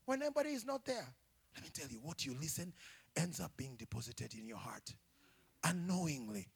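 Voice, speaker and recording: A man preaching a sermon as pastor, animated and humorous, often shouting and laughing. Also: a little high, a little fast, vocal fry, breathy edge. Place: church.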